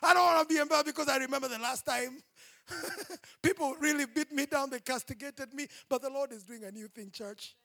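A man preaching a sermon, impassioned and rising to shouts. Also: very high voice, brisk, creaky.

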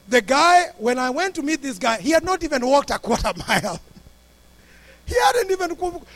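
A pastor preaching in a high, light voice for a man. He tells his story with lots of life, jumping from loud and high to soft and low as he acts out each person. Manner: animated, acts out the people in his story with big swings in pitch and loudness. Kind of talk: storytelling sermon.

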